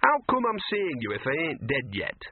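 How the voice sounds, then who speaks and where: A man voicing a scruffy, weary talking dog who speaks in a hoarse, gruff, rough manner. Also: fairly high pitch, wildly swooping pitch, moderate pace, dry recording, voice pushed up, heavily acted. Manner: gruff, rough street grammar. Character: scruffy, weary, wisecracking small male dog. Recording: narrow phone-like radio sound.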